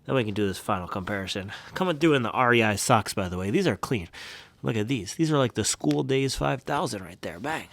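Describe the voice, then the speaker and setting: A man's voice: medium pitch, animated, brisk, gravelly, fairly bright tone, no echo. A young man chatting casually in a vlog as a running shoe reviewer, playful and rambling with jokey slang.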